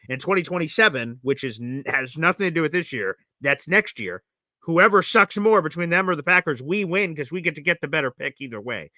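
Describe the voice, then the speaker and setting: A man hosting a live sports reaction show, talking bluntly and with lots of opinion, now excited, now muttering. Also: mid-range voice, no room sound, clean studio sound.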